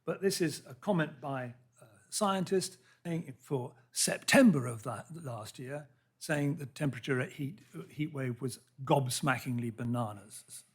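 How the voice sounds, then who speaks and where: Earnest man lecturing, husky. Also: mid-range voice. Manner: earnest, halting, with restarts and read-out quotes. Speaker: lecture speaker. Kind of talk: public science lecture. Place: lecture hall.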